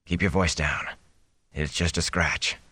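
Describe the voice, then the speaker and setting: Man reading as a hushed, weary wounded father. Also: fairly even intonation, a little slow, breathy edge, no room sound, exaggerated voice. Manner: low, hushed and tired. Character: wounded middle-aged farmer father, weary and steady.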